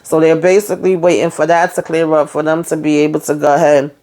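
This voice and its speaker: A woman's voice: deep voice, level tone, fast talker, darkish tone. A woman casually recapping a TV episode, chatty and profane, with lots of fillers. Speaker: TV show reviewer.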